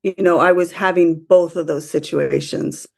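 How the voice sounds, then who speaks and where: A woman from the US speaking as a podcast guest, emotional and halting, often restarting her sentences. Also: lowish voice, steady tone, creaky, darkish tone. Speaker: interview guest. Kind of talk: conversational interview.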